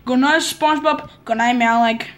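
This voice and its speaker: A female speaker improvising a toy play-acting story in a halting, stammering way. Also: high-pitched, fairly even intonation, a bit bright.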